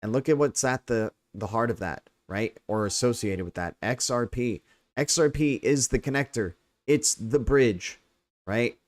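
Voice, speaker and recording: American male streamer, mid-pitched, loose and rambling with lots of fillers. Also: measured pace. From United States. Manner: rambling, repeats "right?", many fillers. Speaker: crypto livestream host. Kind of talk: casual livestream talk.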